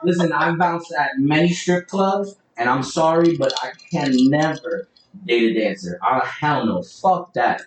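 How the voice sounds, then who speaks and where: A man's voice: a little high, measured pace. A man co-hosting a casual podcast, talking bluntly and profanely with frequent laughs. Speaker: podcast co-host. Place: room with a live video stream. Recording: echoey room, mic at a distance, faint hiss.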